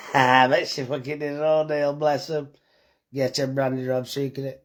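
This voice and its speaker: A man's voice: medium pitch, little pitch movement, measured pace. A tired man, chatting bluntly and joking with swearing while reading comments on a live phone stream about his butcher's shop.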